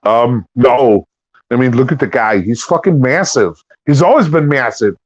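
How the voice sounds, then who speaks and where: A man's voice: medium pitch, lively intonation, moderate pace, no echo, close to an everyday voice. A man on a livestream call, playing a boastful 1980s action movie star with crude, absurd bragging. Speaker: livestream caller. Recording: dull dry lo-fi audio.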